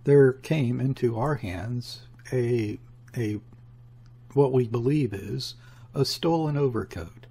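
A man reading the part of a shrewd, curt police inspector, asking probing questions in his own husky voice. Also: medium pitch, slow pace, mellow, full character voice. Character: shrewd middle-aged male police inspector.

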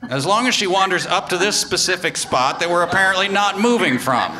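A man's voice: high voice, animated, fairly quick, noisy background. A man riffing on a movie live on stage, with sarcastic, mock-sheepish asides. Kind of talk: live comedy commentary. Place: theater stage before an audience. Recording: live theater with loud crowd.

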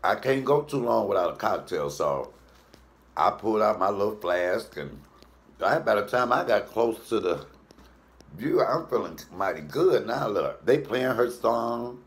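A man who hosts a comedy cooking show, telling a story in a loose, animated way. He swears freely and jumps up into a high falsetto when he quotes people. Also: unhurried, vocal fry.

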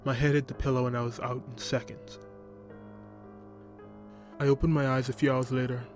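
Man reading a creepypasta, pretty monotone, music playing under him. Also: medium pitch, moderate pace. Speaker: narrator. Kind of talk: scripted horror narration.

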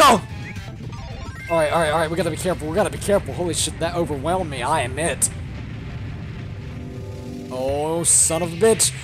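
Excitable, cursing young man streaming a game. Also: fairly high pitch, moderate pace, faint music behind. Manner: excitable, profane, shouts during fights. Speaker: gaming streamer. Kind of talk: live game commentary.

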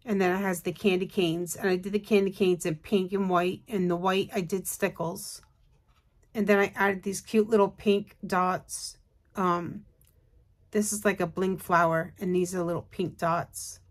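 A woman's voice: on the low side, flat delivery, measured pace. A woman hosting a craft video, talking casually and rambling with many fillers while tired and yawning. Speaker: craft channel host. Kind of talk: casual show-and-tell chat.

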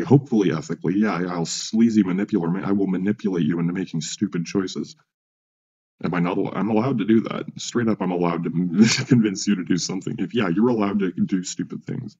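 A man's voice: deep voice, warm tone, slightly rough, dull audio. A man ranting in a rambling, profane monologue, full of restarts and asides, as a vlogger.

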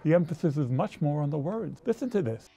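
Mellow-voiced male music commentator. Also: a little high, creaky, slightly rough. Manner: calm, explanatory, measured.

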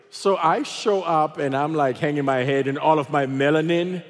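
A man preaching a sermon as pastor, telling funny stories in an animated way and acting out voices. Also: on the high side, moderate pace, big-room sound. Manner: animated storytelling, acts out voices. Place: large church auditorium.

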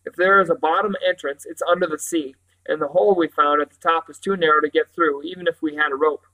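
A man reading a story aloud, voicing a sensible, sharp-tongued girl in a lifted, brighter tone. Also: on the high side, steady tone, fast, rough recording. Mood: dismissive.

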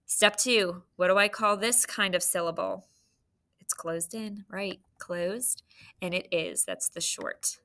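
An adult woman teacher giving a recorded phonics lesson, dictating slowly and prompting students with questions. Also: medium pitch, bright, forceful tone.

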